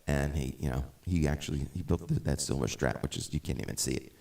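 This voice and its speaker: A man's voice: rumbling low, fast, vocal fry, a little mellow, slight background noise. A middle-aged man chatting casually as the host of a live music stream, rambling with many restarts and tangents.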